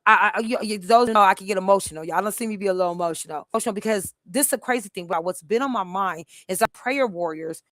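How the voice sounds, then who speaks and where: Animated woman telling a story live. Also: medium pitch, quick pace, few pauses, no echo, clean studio sound. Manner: animated, emphatic storytelling with many restarts. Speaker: host. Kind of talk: casual live stream storytelling.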